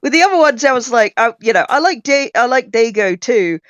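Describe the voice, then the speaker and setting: A man who plays in a tabletop group, talking in casual chat in an excitable, emphatic way and laughing often. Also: very high-pitched, a little fast, dry recording, dull audio. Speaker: tabletop player.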